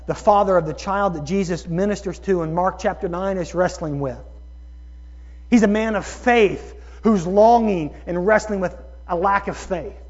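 High-voiced preacher in a reverberant hall. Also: male voice. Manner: builds from calm teaching to loud excited preaching. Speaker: pastor. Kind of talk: sermon. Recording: dull sound with long hall reverb.

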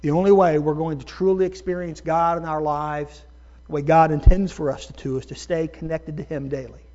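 High-voiced preaching man, emphatic. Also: fairly even intonation, warm tone, highs cut off. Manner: emphatic preaching with slow drawn-out stresses; addresses listeners as folks. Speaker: pastor. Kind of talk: sermon.

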